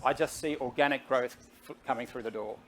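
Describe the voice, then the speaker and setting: A man's voice: medium pitch, fairly quick. Middle-aged man, medium voice, persuasive guest speaker who talks straight to the crowd, faint hiss behind. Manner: energetic, persuasive, talks to the audience directly. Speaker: guest CEO. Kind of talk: conversational stage interview.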